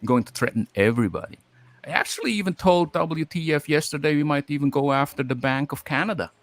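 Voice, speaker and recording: A man's voice: a little high, fast, no echo. Taunting man on a live-stream rant. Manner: aggressive, taunting, profane.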